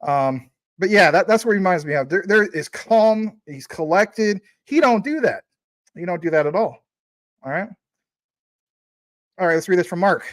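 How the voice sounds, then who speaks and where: A man in his forties hosting a laid-back livestream, rambling and chatty, with plenty of ums and thank-yous to his viewers. His voice sits a bit higher than most men's. The sound is close and dry, with no room echo. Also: lively intonation, normal speed, pauses often, a bit bright. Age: 40s. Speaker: crypto livestream host. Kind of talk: casual livestream chat, reading viewer super chats.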